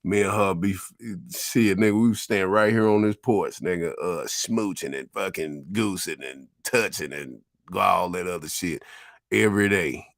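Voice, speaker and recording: Low-voiced man reminiscing, profane and laid-back. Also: moderate pace, creaky, no room sound, clean studio sound. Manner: profane, laid-back street talk with frequent laughs. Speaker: vlogger. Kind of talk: casual reminiscing tour of old neighborhood.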